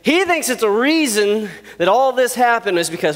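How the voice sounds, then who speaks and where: A man giving a youth sermon in a playful, animated way, acting out little scenes. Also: extremely high pitch, moderate pace, in a large hall. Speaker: youth pastor.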